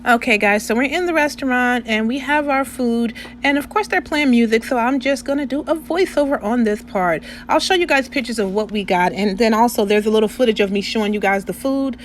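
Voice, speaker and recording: A woman vlogger talks through a story in a chatty voiceover, often pausing to check in with her listeners. Her voice sits a little high. A faint steady hum runs underneath. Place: indoors, recorded separately from the restaurant footage.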